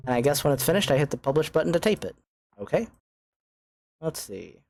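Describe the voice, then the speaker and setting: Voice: medium pitch, very animated, brisk, darkish tone, no room sound. A young adult game streamer in casual let's-play chat, self-mocking, often stammering and swearing. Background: faint game music.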